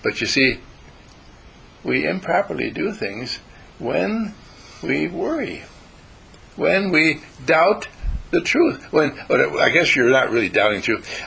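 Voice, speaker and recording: A man giving a spiritual talk to a group, halting and repeating words as he teaches. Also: a little high, very animated, creaky, a bit bright, husky, low-quality recording. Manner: halting, repeats words, acts out quoted voices.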